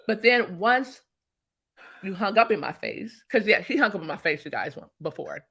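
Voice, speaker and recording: Emphatic woman with a bright voice. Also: medium pitch, a little fast, husky. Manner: emphatic, animated storytelling. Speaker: guest, business strategist. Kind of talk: motivational interview talk.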